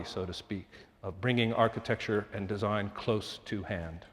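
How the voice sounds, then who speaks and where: A middle-aged man giving a public lecture on architecture, measured and formal, with frequent fillers and restarts. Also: on the low side. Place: lecture hall with long reverb. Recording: lecture hall reverb.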